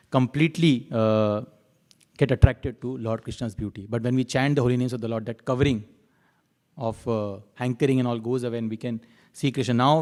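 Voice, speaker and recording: A man giving a devotional temple class, chanting verses and telling stories in an unhurried way, repeating his key lines. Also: medium pitch, darkish tone.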